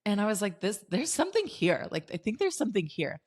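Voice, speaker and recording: A young adult woman hosting a podcast, telling a story in a casual, excitable way, full of "like" and quoted asides. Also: mid-range voice, fast, breathy edge. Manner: excitable, heavy use of "like", animated quoting. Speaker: podcast host.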